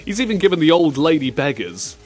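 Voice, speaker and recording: Animated man hosting a podcast. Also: a little high, a little fast. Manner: animated, slips into silly impressions. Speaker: podcast host. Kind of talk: comedic podcast chat.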